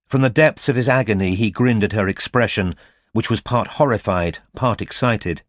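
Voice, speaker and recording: Male audiobook narrator, low voice, steady reading, dry close sound. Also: moderate pace, no room sound. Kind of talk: scripted narration.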